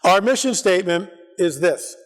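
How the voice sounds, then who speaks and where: A man speaking at a church conference, telling stories in a rambling, animated way and acting out the voices of people he quotes. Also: high voice, normal speed. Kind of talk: casual storytelling talk at a church conference. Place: church hall. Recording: long hall reverb.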